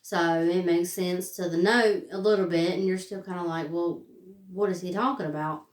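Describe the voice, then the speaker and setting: A young woman, casually reviewing a movie in a chatty, filler-heavy way. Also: medium pitch. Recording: roomy sound, distant from the mic.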